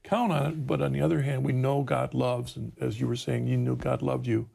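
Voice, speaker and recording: A man hosting a religious talk program, reflective and measured in conversation with his guest. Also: mid-range voice, little pitch movement, gravelly, warm tone. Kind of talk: casual interview conversation.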